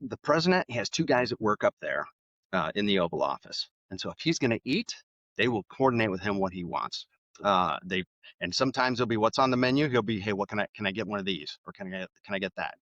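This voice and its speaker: A middle-aged man, a podcast guest, telling stories in a relaxed way with lots of fillers and restarts. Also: on the low side, quick pace, no room sound. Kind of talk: casual interview storytelling. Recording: slightly dull, dry sound.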